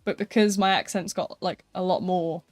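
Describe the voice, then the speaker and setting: A woman's voice: lowish voice, steady tone, moderate pace, no echo, soft background music. A young British woman chatting casually and playfully on a live game stream, laughing often between remarks. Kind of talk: casual live-stream chat while gaming.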